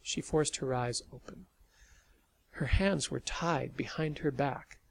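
A man reading a story aloud as an audiobook narrator, in a steady storytelling manner. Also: medium pitch, slow, vocal fry, a little hiss or hum.

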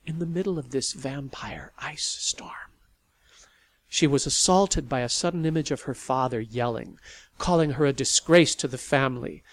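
A man narrating a novel in an expressive storytelling manner. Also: medium pitch, gravelly. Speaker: audiobook narrator. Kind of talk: scripted narration.

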